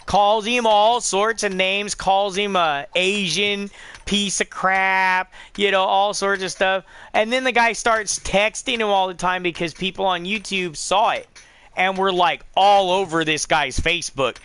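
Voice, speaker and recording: A middle-aged man chats casually on a game stream, rambling through stories, swearing often, and acting out the voices of the people in them. His high-pitched voice is pushed, bright, and smooth, with fairly even intonation and an unhurried pace.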